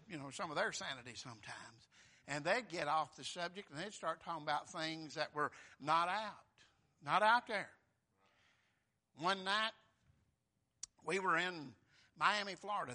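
Fiery high-voiced male preacher. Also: animated, moderate pace. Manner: swings from quiet talk to shouted fervor; repeats phrases for emphasis, calls out "Amen?". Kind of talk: sermon.

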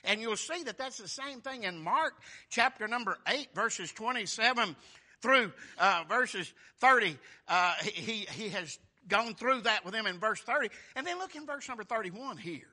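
A male preacher giving a folksy, animated sermon and acting out the scripture characters. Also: high-pitched, normal speed.

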